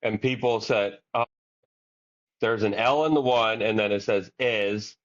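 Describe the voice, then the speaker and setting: A man's voice: fairly low pitch, fairly even intonation, measured pace. A man co-hosting a podcast in casual chat, laid-back and agreeable, mostly giving short replies. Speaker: podcast co-host. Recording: dull lo-fi audio.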